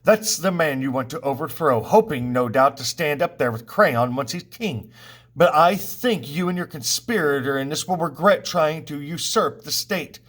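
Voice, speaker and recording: A man's voice: on the high side, animated, moderate pace, a bit bright. A teacher reading a furious, scornful king. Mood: accusing. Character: proud angry king of Thebes, man. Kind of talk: reading a play aloud.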